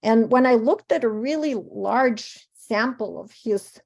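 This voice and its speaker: A woman whose first language is Russian gives an academic conference talk on verse, thoughtful and pausing, with frequent ums and self-corrections. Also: on the high side, gravelly, darkish tone, muffled recording. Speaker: panel speaker on verse translation.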